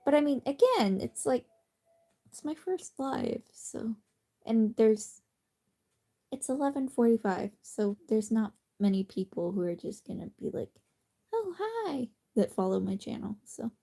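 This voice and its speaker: A woman chatting casually on a late-night phone livestream from her bed, rambling and self-deprecating, sometimes dropping to a soft whisper. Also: a little high, a little slow, creaky. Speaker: streamer. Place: cozy bedroom at night.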